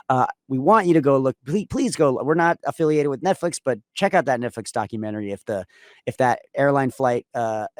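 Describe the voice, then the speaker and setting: In a studio-quality recording with no echo, a medium-pitched man co-hosts a casual podcast. He speaks in long, rambling sentences and restarts often.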